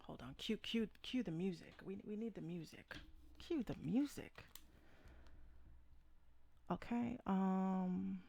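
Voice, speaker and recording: A woman's voice: mid-range voice, a little slow, creaky, hardly any pauses, warm tone. A woman hosting a live podcast, ranting in a blunt, profane and emphatic way, repeating her points. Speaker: podcast host. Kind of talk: opinionated live podcast rant.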